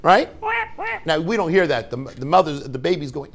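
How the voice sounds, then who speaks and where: Man, rabbi, informal lesson, joking, asks the class questions, somewhat high voice. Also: moderate pace. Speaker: rabbi teaching students.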